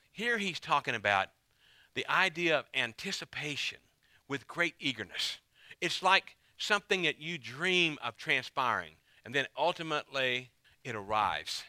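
A man's voice: medium pitch, sharp tone, no room sound. A male pastor preaching a sermon in an emphatic way, repeating key phrases to drive them home.

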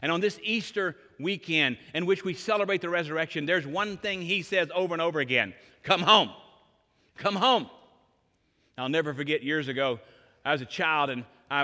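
A man in his sixties delivers an Easter sermon in a large church sanctuary. His voice sits a bit high and sounds bright and forceful. He swings between emphatic, loud lines and soft, hushed passages, and a long hall reverb trails every phrase. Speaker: pastor.

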